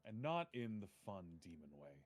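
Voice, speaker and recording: Brief: very low man, swinging wide in pitch, sardonic, faint music. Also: sing-song, normal speed.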